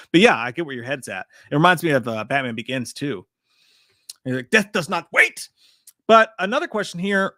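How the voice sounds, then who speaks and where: Bright-voiced, profane male streamer. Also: medium pitch, no room sound, studio quality. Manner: rambling, profane, reads out chat comments. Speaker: live-stream host. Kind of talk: casual live trailer breakdown.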